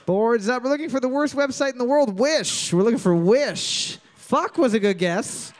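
A man hosting a trivia quiz, reading each question slowly and joking and swearing between rounds. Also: very high voice, lively intonation. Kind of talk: casual trivia hosting with banter.

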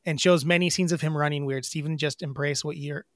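A man's voice: fairly high pitch, steady tone, fairly quick, no echo. A man co-hosting a podcast, chatting casually in a joking, playful way. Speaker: podcast co-host. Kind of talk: casual chat.

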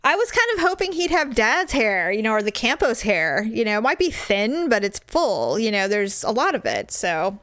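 A woman's voice: a little high, normal speed, few pauses, dry recording. A woman telling a funny story in casual chat, laughing and acting out the people in it. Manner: animated, laughing, acts out voices in her story.

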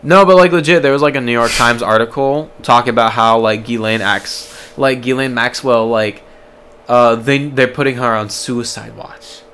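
Bright-voiced young man, rambling podcast co-host. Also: medium pitch, fairly even intonation, normal speed, a little hiss or hum. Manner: swearing, rambling with many "like"s. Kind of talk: casual chat.

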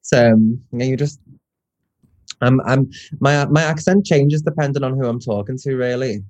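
A man's voice: mid-range voice, normal speed, darkish tone, dry recording. A young man with a Scouse accent, a poet chatting in a casual interview, rambling and restarting, swearing now and then. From Liverpool, England. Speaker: poet, guest.

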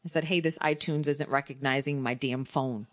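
Woman, casual storytelling, animated, quotes people in voices, laughs often. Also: rumbling low, normal speed.

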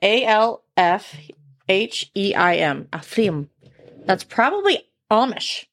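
Lively young woman joking on a podcast. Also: mid-range voice, takes it slowly. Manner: joking, swearing, self-mocking. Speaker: podcast co-host. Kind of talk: casual chat.

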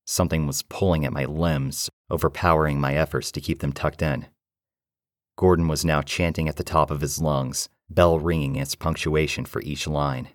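Man, extremely deep voice, dry close sound, first-person horror narration, steady and measured. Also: no echo.

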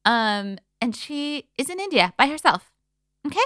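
A young woman co-hosts a casual podcast in a chatty, teasing way. Her pitch swoops widely and her voice is bright and smooth. The sound is dry and close. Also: very animated, moderate pace, dry recording. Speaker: podcast co-host. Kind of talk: casual chat.

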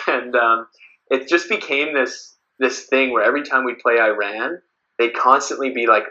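This man's voice sits at medium pitch with a sharp edge, moving at a normal pace over lo-fi sound. He's a Canadian beach volleyballer appearing as a podcast guest, and the casual interview wanders, peppered with laughter and plenty of fillers.

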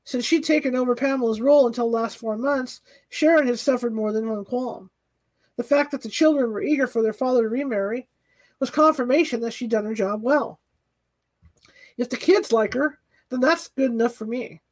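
A woman reading a novel aloud as an audiobook narrator, steady and even. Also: fairly high pitch, moderate pace, poor audio. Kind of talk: scripted narration.

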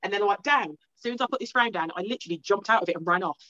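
Fast bright-voiced English woman. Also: medium pitch, highs cut off. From England. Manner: chatty storytelling with many restarts. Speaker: strongwoman athlete guest. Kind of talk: casual interview chat.

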